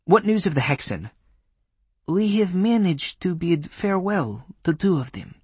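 A man's voice: high-pitched, big pitch swings, measured pace, a little mellow, breathy edge, dry recording, pitched above the performer's own voice, full character voice. A man voicing a stern, commanding woman witch leader with a Polish accent, speaking in a clipped, formal, scolding way.

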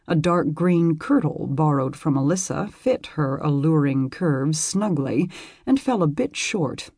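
A man reading a historical romance aloud in measured, intimate storytelling. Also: on the high side, a little mellow, husky, no room sound, clean studio sound. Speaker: audiobook narrator. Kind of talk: scripted narration of a historical romance.

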